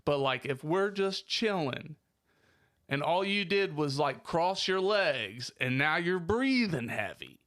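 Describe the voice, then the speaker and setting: A man's voice: a little high, very animated, slow pace, fairly bright tone, no room sound. A man co-hosting a casual podcast on a studio microphone, ranting about pet peeves with exaggerated complaints and constant swearing. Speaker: podcast co-host. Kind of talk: casual profane podcast banter.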